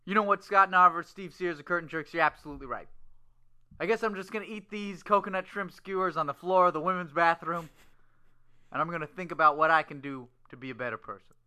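Give me a man putting on a goofy, rambling phone caller with a high, bright voice. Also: fast talker, clear, resonant tone. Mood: pouty. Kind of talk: improvised comedy phone bit.

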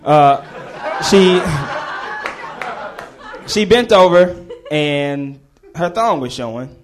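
A man's voice: a little high, expressive, drawn-out words. A man telling a comedic story to a live audience, laughing and acting out the voices of the people in it.

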